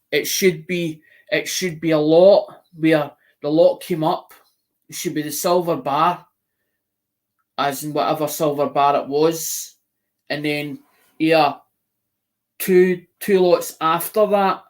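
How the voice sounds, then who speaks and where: Hosting an online auction channel, a Scottish-accented man chats casually and rambles, often restarting and repeating himself. His voice sits fairly high.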